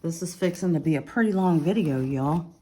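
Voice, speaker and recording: A woman's voice: low voice, a little fast, dark tone, slight background noise. A woman, casually showing and describing her finished coloring pages to viewers, listing her supplies as she goes. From Alabama. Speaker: coloring vlogger. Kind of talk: casual show-and-tell narration.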